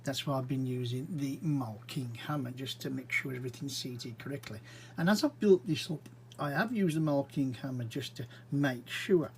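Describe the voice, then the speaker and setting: A man's voice: mid-range voice, slight background noise, poor audio. A man giving casual, rambling commentary as he narrates his own brick model build. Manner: chatty, rambling, unhurried, with frequent fillers.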